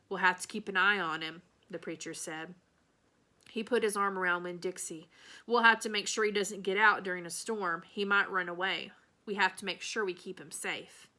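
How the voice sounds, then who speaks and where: Woman reader, bright tone, children's novel read aloud, light character voices. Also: medium pitch.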